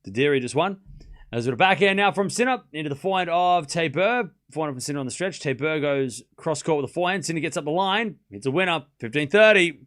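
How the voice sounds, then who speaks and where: A man hosting a live tennis watchalong stream, calling each rally shot by shot and chatting with his viewers in an excitable way. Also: on the high side, fast talker. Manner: excitable, calls rallies shot by shot and talks to chat. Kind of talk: live play-by-play commentary and chat.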